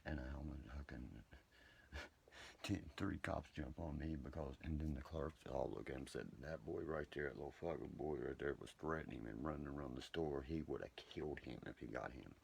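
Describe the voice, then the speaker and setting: Very deep gravelly man, profane. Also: a little fast, a little hiss or hum. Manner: profane, boastful, rambling and heated. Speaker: livestreamer talking to viewers. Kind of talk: rambling late-night live chat. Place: indoors at home, late at night.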